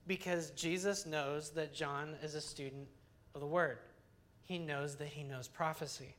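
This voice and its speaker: Young adult preacher, conversational sermon, earnest, chatty, lots of restarts and fillers, mid-pitched voice. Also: steady tone, a little slow, fairly bright tone. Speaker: Bible teacher.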